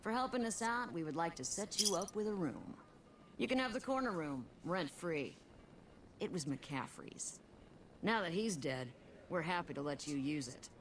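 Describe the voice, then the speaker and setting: A woman voicing a brisk, no-nonsense saloon owner who talks in a blunt, businesslike way. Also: on the low side, animated, slight background noise, lightly acted.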